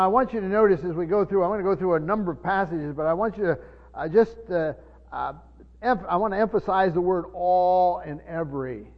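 A man preaching a sermon, teaching from the Bible in a halting way with many fillers and restarts, slowing down to stress key words. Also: on the high side. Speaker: pastor. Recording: muffled sermon recording in a reverberant hall.

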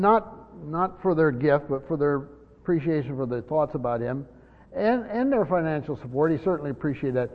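A high-pitched male pastor preaches a verse-by-verse sermon, earnest and insistent, hammering key words and doubling back on phrases. The recording is dull and lo-fi, and his voice rings through a church hall with a long reverb tail. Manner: earnest, repeats words, stresses key words, voices imagined speakers.

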